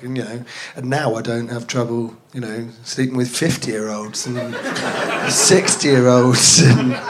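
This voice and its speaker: A young North London man with a steady, medium-pitched voice speaks a little slowly with few pauses, against slight background noise. Chatting casually before a live audience, he rambles, pokes fun at himself, and laughs at his own jokes.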